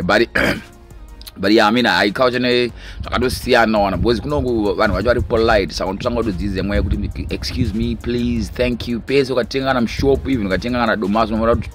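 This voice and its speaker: A man, a filmmaker, talking casually in a rambling way, switching between Shona and English. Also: lowish voice. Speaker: interviewed filmmaker. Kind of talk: casual recorded interview.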